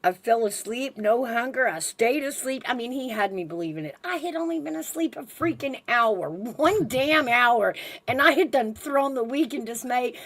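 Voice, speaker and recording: A woman's voice: fairly high pitch, moderate pace. A woman co-hosting a casual podcast chat, telling a story with lots of laughter. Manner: laughs often, animated storytelling. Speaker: podcast co-host.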